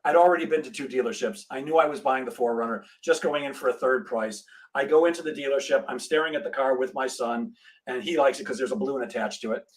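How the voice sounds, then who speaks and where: A man's voice: medium pitch, fast talker, low-quality recording. A middle-aged man, a sales trainer and guest, telling a story in a podcast interview and acting out the dialogue. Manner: animated storyteller, acts out dialogue.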